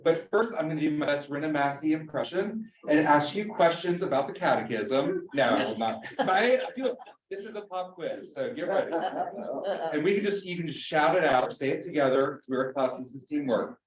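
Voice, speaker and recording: A man's voice: a little high, lively intonation, normal speed. A man, a pastor teaching an adult church class in a joking, chatty way and quizzing the audience. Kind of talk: informal church class lecture. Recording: roomy room, mic at a distance.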